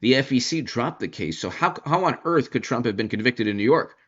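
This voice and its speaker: Animated sarcastic male commentator. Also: medium pitch, a little fast, highs cut off. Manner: animated, sarcastic, mocks opponents in put-on voices. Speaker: political commentator. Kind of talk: opinion commentary monologue.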